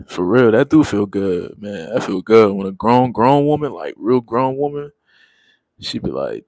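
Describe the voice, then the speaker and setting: Man, 30s, casual livestream chat, laid-back, slangy, fairly low voice, dry close sound. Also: animated, moderate pace, long pauses, darkish tone, no echo, poor audio. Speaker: livestream host.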